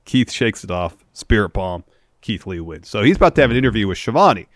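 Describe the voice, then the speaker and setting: Male podcast co-host, lowish voice, dry close sound, steady blow-by-blow recapper. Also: a little fast, no echo. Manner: steady play-by-play recap of matches. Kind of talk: casual show review chat.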